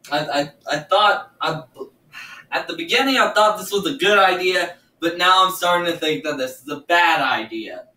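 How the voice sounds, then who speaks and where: A man's voice: fairly high pitch, normal speed, pushed and bright. A man doing casual reaction commentary at home, nervous and stammering, repeating himself. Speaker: gaming YouTuber reacting to videos. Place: room at home. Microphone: laptop or earbuds mic. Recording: roomy, distant from the mic.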